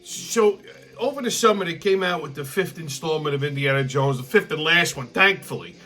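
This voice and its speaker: A man's voice: on the high side, a little fast, bright, forceful tone, faint music behind. A man, rambling profanely through a casual weekly vlog monologue with frequent restarts. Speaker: channel host.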